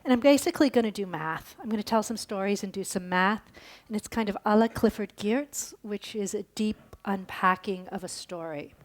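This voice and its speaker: A woman's voice: medium pitch, moderate pace. A woman giving a conference lecture, telling a story and then explaining it, with fillers and restarts. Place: lecture hall.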